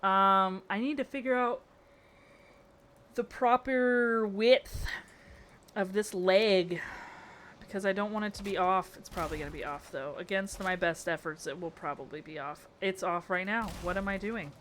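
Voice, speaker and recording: Young female streamer, bright tone, casual chat, quick exasperated reactions. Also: mid-range voice, a little hiss or hum. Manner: playful, exasperated, reacting to chat with frequent laughter. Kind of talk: casual live-stream chat while building in a game.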